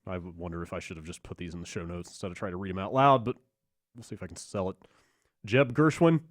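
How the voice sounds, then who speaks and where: A man's voice: low voice, rapid-fire, fairly bright tone, no room sound, clean studio sound. A man hosting a podcast and reading listener emails aloud in a wry way. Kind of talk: casual chat.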